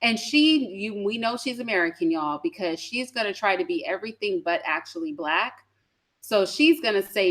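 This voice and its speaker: A woman's voice: mid-range voice, animated, moderate pace, a bit bright. A woman giving casual reaction commentary on a video, blunt and sassy, swearing and laughing as she talks.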